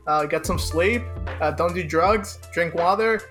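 A man's voice: on the high side, unhurried, fairly bright tone, faint music behind. A young man co-hosting a casual podcast, joking sarcastically and often restarting his sentences. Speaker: podcast co-host. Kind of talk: casual chat.

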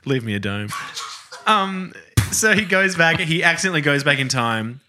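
Playful man with a lively voice. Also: a little high, moderate pace, background noise. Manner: playful, laughs often, jokes around. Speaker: podcast co-host. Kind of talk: casual film review chat.

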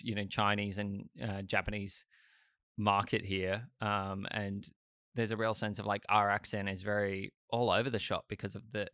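Bright-voiced Australian man, casual chat. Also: fairly low pitch, dry recording, clean studio sound. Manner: rambling, lots of fillers and restarts.

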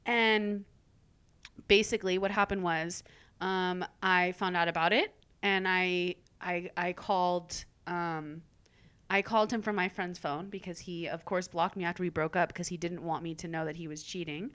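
A young woman hosting a podcast, telling a personal story in casual chat, animated, full of "like" and the odd swear word. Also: lowish voice, moderate pace, clean tone. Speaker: podcast host.

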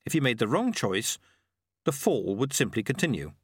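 A male audiobook narrator telling a fantasy story with a lively, rising and falling voice. The sound is dry and close, with no room around it. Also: medium pitch, normal speed, husky, no echo. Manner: expressive storytelling. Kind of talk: scripted narration.

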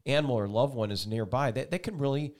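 A man's voice: medium pitch, fast, a little mellow. A man hosting a casual interview show, enthusiastic and rambling, often restarting his questions. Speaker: talk show host.

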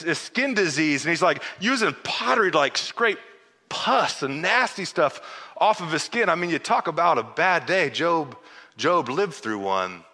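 A man preaching to his congregation, his bright and fairly high voice swooping up and down as he plays out scripture scenes with casual asides. He trips over his words and restarts often. His voice rings with the long reverb of a large hall. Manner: animated, acts out biblical dialogue with casual asides; frequent stammered restarts. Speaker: pastor. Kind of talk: sermon.

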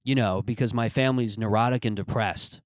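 30s dude ranting about high school, swears a ton, lowish voice, dry close mic. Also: male voice, fairly even intonation, a little fast, dry recording. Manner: rambling, profane storytelling. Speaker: podcast host. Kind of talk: casual comedic monologue.

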